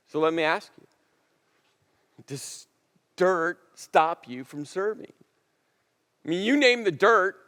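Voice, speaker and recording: A man preaching a sermon as a pastor, telling a story with emphatic repetition and dramatic pauses. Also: sits high, animated, a bit bright, long reverb tail. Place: church auditorium.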